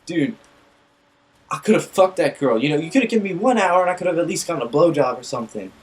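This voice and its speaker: A man putting on the voice of a drunk, crude young male bandmate in a story he tells, pleading loudly and brashly. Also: on the high side, lively intonation, brisk, pitched above the performer's own voice, lightly acted.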